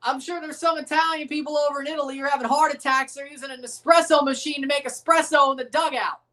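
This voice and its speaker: A woman's voice: high voice, steady tone, fast talker, sharp tone. A woman hosting a live sports watchalong, joking and swearing, abrasive on purpose. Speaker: livestream host.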